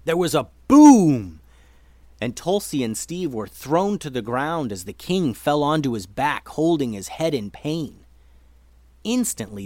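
A man narrating a children's story as host, expressive and shifting his pace. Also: a little high, no room sound.

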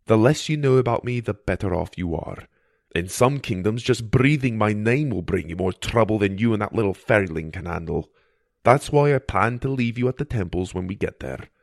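A man voicing a gruff male fairy mentor who talks low and quiet with dry teasing. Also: expressive, normal speed, dry recording. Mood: guarded.

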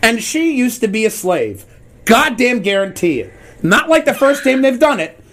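A man's voice: extremely high pitch, very animated, moderate pace, a bit bright. A man hosting a casual podcast, rambling and joking irreverently. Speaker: podcast host. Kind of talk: casual chat.

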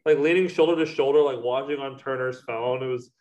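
A man's voice: medium pitch, fairly quick, a little mellow, lo-fi sound. A young man in casual chat with friends, rambling, swearing casually and laughing often.

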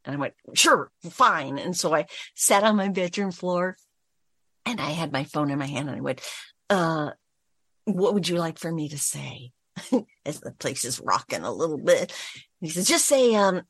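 Animated woman telling a story, lowish voice. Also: unhurried, breathy edge, no echo, studio quality. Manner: animated anecdote-telling, acts out quoted lines. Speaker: voice actress, guest. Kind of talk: storytelling interview.

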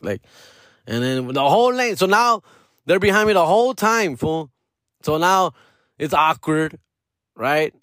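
Animated and profane, a young man rambles through a story in Chicano English full of slang, switching into Spanish at times. His voice is on the high side and he speaks at normal speed, captured in a dry, clean studio recording.

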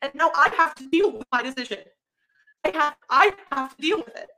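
A woman's voice: sits high, lively intonation, a little fast, pushed and bright. A woman making a passionate, upset vlog confession.

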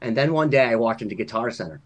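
A man's voice: mid-range voice, expressive, quick pace. A man from Massachusetts, a podcast co-host, telling rambling, self-deprecating anecdotes in casual chat. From Massachusetts, USA.

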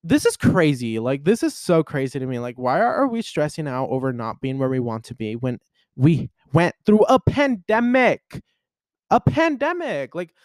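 A man in his twenties rambles and vents on a casual solo podcast, filling his talk with "like" and "you know." He's emotional, with big, sudden pitch swings, a darkish tone and a moderate pace, in a dry, clean studio recording.

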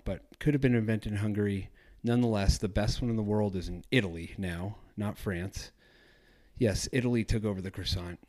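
Guy doing a solo travel podcast, lowish voice, rambles and corrects himself a lot. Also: a little mellow. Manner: rambling, self-correcting, chatty. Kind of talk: casual solo podcast talk.

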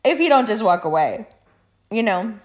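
A woman chatting casually as a host, profane and animated, laughing often through her stories. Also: mid-range voice, moderate pace. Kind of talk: casual chat.

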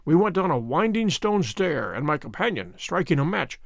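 An actor playing a sharp, methodical detective, recounting a case with precise, measured storytelling in a radio drama. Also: male voice, fairly high pitch, sing-song, vocal fry, dry recording, clean studio sound. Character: Holmes, sharp methodical male detective narrating.

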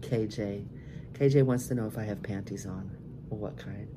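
A woman's voice: a bass voice, normal speed, noisy background. A middle-aged woman hosting a live-stream podcast, chatting frankly and laughing often as she answers viewers. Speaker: cam show podcast host. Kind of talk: casual live-stream chat reading viewer messages.

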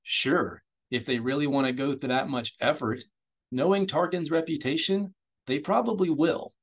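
A man's voice: fairly high pitch, normal speed, pitched above the performer's own voice. A man voicing a nervous, surly young male thief who growls his lines harshly and defensively.

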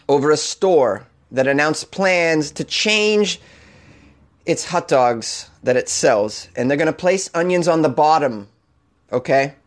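A man hosting a comedy news podcast, reading odd stories aloud and riffing on them with jokes and frequent laughter. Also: fairly high pitch. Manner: jokey, laughs often, reads news then riffs on it.

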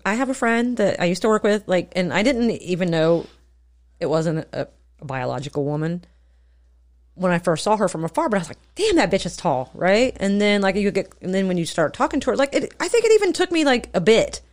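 A woman's voice: medium pitch, sing-song, a little fast. A woman co-hosting a casual chat, blunt and profane, often laughing. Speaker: podcast co-host.

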